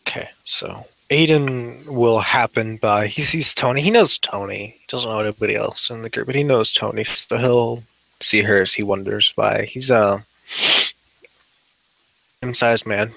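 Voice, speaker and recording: A man's voice: on the low side, moderate pace, vocal fry, fairly bright tone. A man playing a tabletop game, describing his character in a casual, joking way. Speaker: player.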